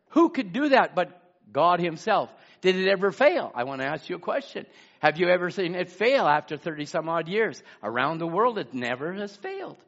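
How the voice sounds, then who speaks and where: A man preaching a sermon, swinging from loud exclamations to hushed asides. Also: high-pitched. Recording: muffled lo-fi sermon recording.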